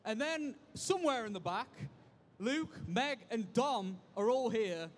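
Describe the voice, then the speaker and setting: A young man with a high voice hosts a convention panel in casual, slangy banter. He laughs often and keeps the talk upbeat. Faint hall noise sits behind him. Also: animated, unhurried. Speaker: panel host.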